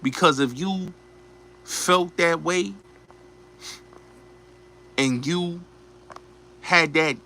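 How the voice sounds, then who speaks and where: A man's voice: a little high, drawn-out words, long pauses, sharp tone, a little hiss or hum. A man hosting a show, delivering a blunt, profane, repetitive ranting commentary. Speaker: show host.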